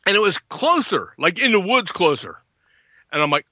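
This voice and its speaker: Animated man telling a campfire story. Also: high-pitched, normal speed, breathy edge, dry recording, highs cut off. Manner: animated, acts out quotes in a raised voice. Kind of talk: casual storytelling.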